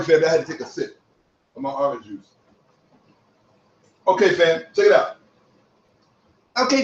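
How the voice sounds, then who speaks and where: High-voiced guy ranting, cussing and bragging, far from the mic, dull muffled audio. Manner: combative, boastful, profane, shouts at times. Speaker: online commentator. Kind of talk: heated commentary. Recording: echoey room, distant from mic, dull audio.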